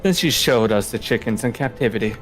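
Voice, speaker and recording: A man streaming a game, reading its dialogue aloud with animated, dramatic delivery. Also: mid-range voice, a little fast, soft background music.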